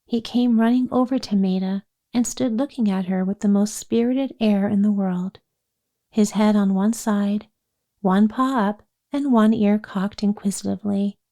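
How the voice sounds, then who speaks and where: Woman narrator for a classic children's chapter book, mellow tone, gentle delivery. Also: mid-range voice, fairly even intonation, a little slow. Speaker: audiobook narrator. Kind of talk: storybook narration.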